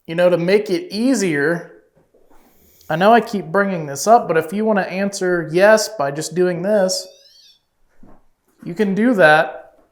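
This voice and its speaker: A man on a ghost hunt, gently and politely coaxing a spirit with questions, recorded in an office of an old house. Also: high-pitched, unhurried, pauses often. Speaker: paranormal investigator. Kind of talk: ghost-hunting session talk.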